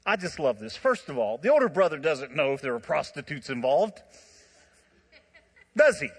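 Husky, high-voiced preacher in an echoing hall. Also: male voice, moderate pace. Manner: animated storytelling with laughs and asides. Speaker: pastor. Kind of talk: sermon.

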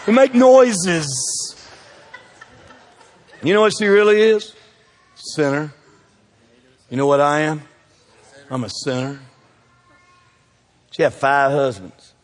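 A man's voice: on the high side, unhurried, long pauses, big-room sound. A Southern man preaching a sermon as pastor, firing call-and-response questions at his congregation.

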